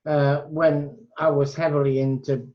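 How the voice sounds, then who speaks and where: Lecture guest, a man with a fairly high voice, talks slowly and hesitantly over dull, muffled call audio. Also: flat delivery. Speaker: lecture participant. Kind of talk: casual chat on a video call.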